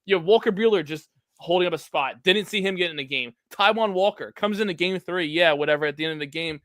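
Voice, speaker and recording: A man's voice: sits high, fast, fairly bright tone, no echo, clean studio sound. A man co-hosting a casual sports podcast, frustrated and agreeable, with many fillers. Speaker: podcast co-host.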